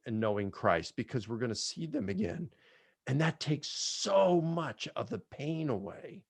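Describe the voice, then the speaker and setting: Low-voiced man, heartfelt and reflective. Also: dry recording. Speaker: guest author. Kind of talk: personal reflection in a Q&A.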